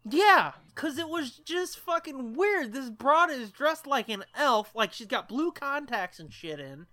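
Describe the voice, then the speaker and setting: A man's voice: extremely high pitch, very animated, unhurried, pushed and bright. A man co-hosting a podcast, rambling through a story with lots of swearing and laughter. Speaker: podcast co-host. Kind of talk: casual storytelling chat.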